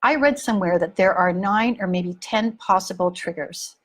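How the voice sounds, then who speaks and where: Husky-voiced woman coaching parents. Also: medium pitch, normal speed. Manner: frank and animated, with emphatic repetition. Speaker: parenting coach and podcast host. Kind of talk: casual talk to listeners.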